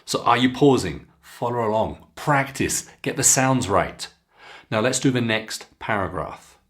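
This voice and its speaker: Slow, lively British English teacher. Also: male voice, mid-range voice. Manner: slow, deliberate, clearly enunciated reading with instructions to repeat. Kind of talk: reading aloud for a pronunciation lesson.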